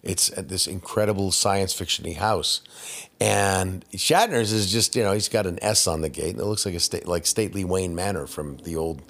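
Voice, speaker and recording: A man from Canada, a guest voice actor, telling animated anecdotes in casual chat and slipping into impressions. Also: sits low, moderate pace, vocal fry. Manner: animated storyteller who slips into impressions.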